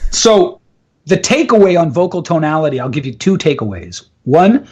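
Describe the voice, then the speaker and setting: A man's voice: fairly high pitch, big pitch swings, normal speed, darkish tone, slightly rough, highs cut off. A man speaking as a public speaking coach in a casual live interview, emphatic and instructive. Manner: emphatic, explains with instructive asides.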